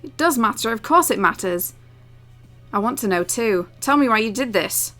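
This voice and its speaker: Angry young heroine, woman reading, loud and insistent, bright, forceful tone. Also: a little high, lively intonation, moderate pace, faint music behind. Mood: demanding. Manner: loud, insistent, sharp questions.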